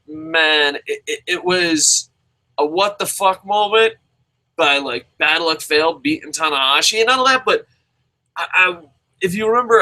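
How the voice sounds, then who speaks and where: A man reviewing wrestling shows in casual, profane commentary, excitable, with frequent swearing and stammering. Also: fairly high pitch, rough recording.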